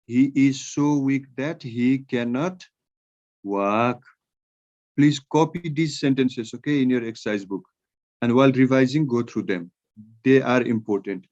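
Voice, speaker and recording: A man with a Nepali accent leads an online English grammar class, reading example sentences slowly and word by word so students can copy them. His voice sits at a middle pitch, and the audio comes through dull and muffled over a video call. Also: a little mellow. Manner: slow, dictating sentences word by word. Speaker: English teacher.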